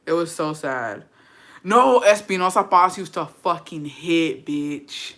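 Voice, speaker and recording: Brash, bright-voiced young woman. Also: lowish voice, slow. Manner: brash, profane and dramatic, mixing in Spanish. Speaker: vlogger. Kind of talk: casual storytime chat.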